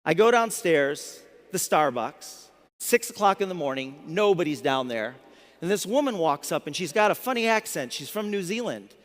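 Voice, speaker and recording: A man in his fifties, a motivational speaker, telling a story to a live audience in an animated way, often restarting his words. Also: a little high, moderate pace. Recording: long hall reverb.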